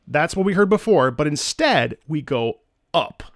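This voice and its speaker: A man's voice: a little high, lively intonation, moderate pace. A man hosting his channel, casually explaining music and humming melodies on "da" syllables, with enthusiasm and frequent restarts. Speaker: channel host.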